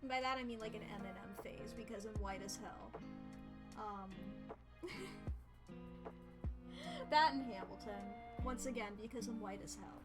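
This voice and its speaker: A woman streamer chatting casually while she draws, animated and leaping up in pitch when excited. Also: measured pace, long pauses. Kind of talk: casual chat while drawing. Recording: loud background music.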